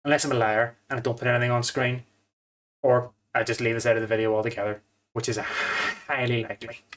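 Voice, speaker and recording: A man's voice: mid-range voice, flat delivery, fairly quick, a bit bright, a little hiss or hum. A man, a food vlogger chatting casually through a home cooking demo with rambling, self-mocking asides.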